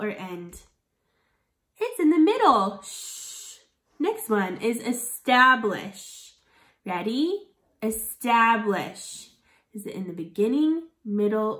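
A woman teacher leading a phonics lesson for children, sounding out words slowly and encouraging her viewers. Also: medium pitch. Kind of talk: early reading lesson for children. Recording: echoey room.

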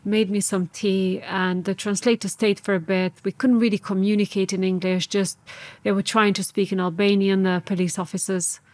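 A woman, speaking earnestly as a podcast guest recounting her past. Her voice sits at an ordinary middle pitch and is recorded close and dry, with no room sound around it. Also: little pitch movement, moderate pace, darkish tone, dry recording. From Serbia. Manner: earnest, reflective, re-enacts her past self's words. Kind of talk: personal storytelling in an interview.

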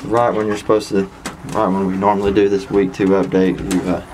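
Man, very deep voice, folksy, easygoing, dog breeder, casual home video, noisy background with dogs. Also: flat delivery, fairly quick, a little mellow. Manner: easygoing, folksy, chats to the dogs between remarks. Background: dogs and household noise.

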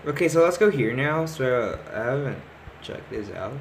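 A man talking to himself as he plays a horror game, excitable, repeating words and calling out what he finds. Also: medium pitch, normal speed, vocal fry, a little hiss or hum. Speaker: gamer. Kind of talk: let's play commentary.

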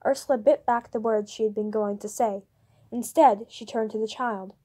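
A woman reading a novel chapter aloud in steady storybook narration. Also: fairly high pitch, normal speed. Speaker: audiobook reader.

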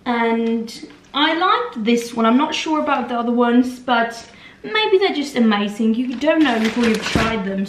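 A fairly high-voiced young woman from Norway chats through her day in a rambling, giggly way, speaking English that is not her first language. Her voice bounces around an echoey room, picked up by a small camera that sits a little way off. It sounds like a relaxed home vlog. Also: recorded from a distance, noisy background. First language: Norwegian. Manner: chatty, rambling, giggly asides. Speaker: vlogger. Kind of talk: casual vlog chat. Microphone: compact camera held or set nearby.

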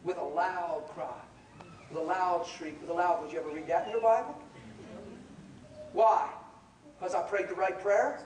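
A man preaching a sermon and telling stories, animated, laughing, and shouting at the peaks. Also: fairly high pitch, a little hiss or hum. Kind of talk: sermon with storytelling. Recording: echoey hall from far off with crowd.

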